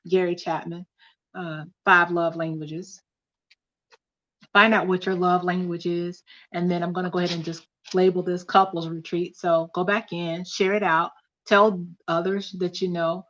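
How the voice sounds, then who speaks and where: A woman's voice: fairly low pitch, flat delivery, measured pace, fairly bright tone. Woman hosting a live bible-style study, reads from a book, repeats stuff, kinda muffled lo-fi audio. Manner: teaching, repeats key points, reads chat comments aloud. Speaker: host of a couples study livestream. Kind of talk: casual teaching livestream, reading aloud from a book.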